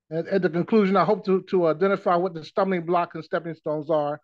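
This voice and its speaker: A man's voice: high voice, fairly even intonation, fast, hardly any pauses, no room sound. A man co-hosting an online meeting over a video call, friendly and greeting callers, with some hesitant restarts. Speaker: co-host introducing a speaker. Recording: dull, dry video call audio.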